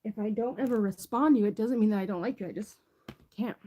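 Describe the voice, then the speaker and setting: A woman's voice: medium pitch, fast talker, mellow. A woman reading tarot in a casual, rambling chat, full of fillers and swearing. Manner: chatty, profane, rambling with many fillers. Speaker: tarot reader.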